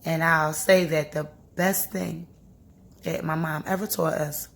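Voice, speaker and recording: A young woman speaking casually into her camera, earnest and a little preachy as she encourages her viewers. Her voice sits on the low side with a gravelly fry, and she laughs easily between points. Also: steady tone, a little slow. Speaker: vlogger. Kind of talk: casual heartfelt talk to camera.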